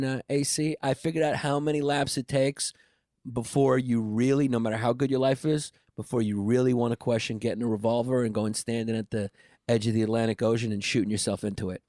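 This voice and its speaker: A man co-hosting a casual comedy podcast, riffing in a rambling, profane, deadpan way into a close studio mic. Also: mid-range voice, fairly quick, no echo. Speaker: podcast co-host.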